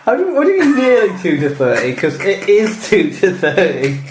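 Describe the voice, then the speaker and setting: A man's voice: high-pitched, huge pitch swings, a little fast, noisy background. A man co-hosting a casual podcast, teasing his friend and laughing often. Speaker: podcast co-host. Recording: echoey room with faint music.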